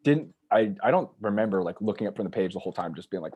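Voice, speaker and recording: A man's voice: fairly low pitch, lively intonation, fast talker, few pauses, a little mellow, slightly rough. A man telling stories in casual conversation as a guest, rambling and acting out the voices of people he quotes. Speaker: author and journalist guest.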